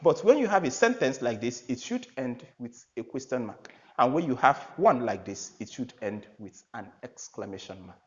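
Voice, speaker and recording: A man's voice: medium pitch, sing-song, normal speed, hardly any pauses. A man giving an English grammar lesson, explaining point by point and restating each idea several times. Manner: explains by repeating and rephrasing, reads out example sentences. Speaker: English teacher. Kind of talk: classroom lecture. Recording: dull lo-fi sound.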